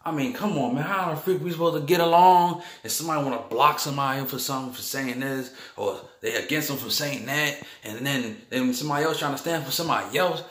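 A man's voice: medium pitch, fast, hardly any pauses, a bit bright. Heated, repetitive man in an echoey room. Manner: heated, repetitive, keeps saying "man" and "bull crap". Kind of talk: rambling spiritual monologue.

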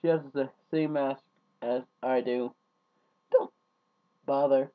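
Slow, mumbling guy on a dull lo-fi recording. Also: medium pitch, fairly even intonation. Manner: trails off into mumbles, then rants loudly. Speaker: vlogger. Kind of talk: casual rambling vlog.

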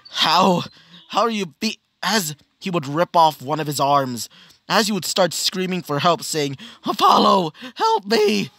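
Brief: man, fairly high voice, casual rambling storyteller, dry close sound. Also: bright, forceful tone, no room sound. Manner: rambling and casual, many fillers and self-corrections. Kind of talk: improvised fan-fiction narration.

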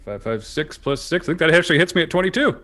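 A man's voice: on the high side, expressive, fast talker, crowd noise. A man playing a tabletop role-playing game, cheerfully calling out his dice rolls and cracking jokes. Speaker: player. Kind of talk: casual tabletop game play.

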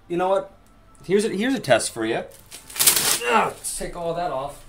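A man giving let's play commentary, excitably talking to the game's items and swearing playfully. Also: high-pitched, normal speed, vocal fry, pauses often, background noise. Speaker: gaming YouTuber.

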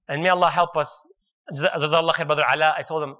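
A man preaching a sermon, retelling a story in an animated way and joking and laughing with his audience. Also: on the high side, brisk.

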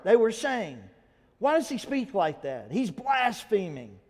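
A male pastor preaching a sermon in a church, talking to the congregation in a conversational way and asking them questions. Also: high voice. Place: church sanctuary. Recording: long hall reverb.

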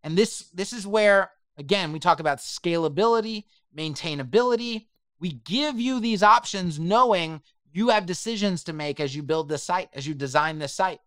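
A man's voice: high-pitched, lively intonation, moderate pace, a bit bright, dry recording, clean studio sound. A man giving a chatty, emphatic screen-share web design tutorial and speaking straight to his viewers.

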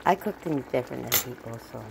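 Low-pitched lady rambling on while she walks her dog, noisy phone audio. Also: animated, fast, vocal fry. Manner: rambling, repetitive, talks to her dog in a high coaxing voice. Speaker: vlogger. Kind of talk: casual chat while walking a dog and cooking.

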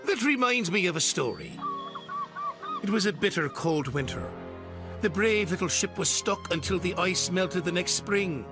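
A man's voice: high-pitched, expressive, normal speed, pitched above the performer's own voice. A man voicing a jolly, yarn-spinning old sailor engine in a put-on sea-dog dialect, with hearty, drawling delivery. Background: background music.

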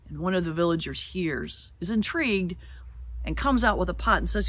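A middle-aged woman pastor giving a sermon, telling a folk tale in an animated way and slowing down to stress key words. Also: fairly low pitch. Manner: animated storyteller, slows for emphasis. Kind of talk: sermon with storytelling. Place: church sanctuary.

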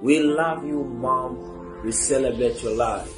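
A man speaking for a church branch in a formal, measured way. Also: medium pitch. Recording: echoey room with music.

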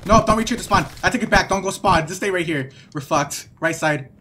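A young man chatting and shouting callouts with friends while playing an online shooter, excitable and quick to laugh. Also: high-pitched, slight background noise. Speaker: gamer. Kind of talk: excited multiplayer game chat.

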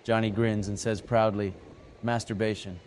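A man's voice: mid-range voice, steady tone, slight background noise. Man narrating jokes. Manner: brisk, slangy storytelling. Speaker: joke narrator. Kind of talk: scripted joke narration.

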